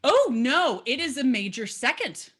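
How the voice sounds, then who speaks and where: A woman's voice: high voice, sing-song, a little slow, a bit bright, husky. A woman teaching fiddle in a casual online lesson, bubbly and chatty with playful asides, heard over a video call.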